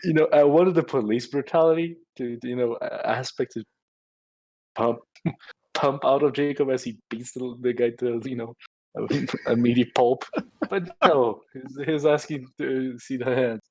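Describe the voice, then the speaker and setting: A man describes his character's actions in a tabletop game, recorded close with no room sound. He talks at a middling pitch. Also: steady tone, measured pace, warm tone, no echo, low-quality recording. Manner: narrates his character's actions in the third person. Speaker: player. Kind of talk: tabletop role-play.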